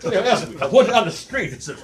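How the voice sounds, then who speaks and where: A man doing an impression of a put-upon, gruff comedian, loud and punchy as he complains. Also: high voice, very animated, fairly quick, pitched above the performer's own voice. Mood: aggrieved. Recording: noisy crowd around.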